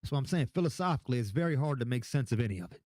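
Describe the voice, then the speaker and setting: A man's voice: mid-range voice, lively intonation, very fast, darkish tone, no echo. A tipsy young man hosting a casual livestream, rambling, swearing a lot and repeating himself as he answers chat questions.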